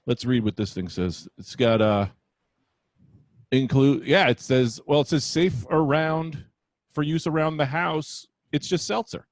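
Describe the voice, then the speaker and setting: A man's voice: medium pitch, measured pace, no room sound, studio quality. A man hosting a podcast, telling rambling stories in casual chat and acting out quotes. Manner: rambling storyteller, acts out quotes in voices. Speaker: podcast host.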